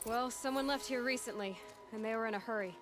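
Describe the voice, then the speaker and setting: A woman's voice: a little high, fast, lightly acted. A young woman voicing a level-headed hunter in a video game, dry and sardonic, with game music behind. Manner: dry, sardonic, matter-of-fact.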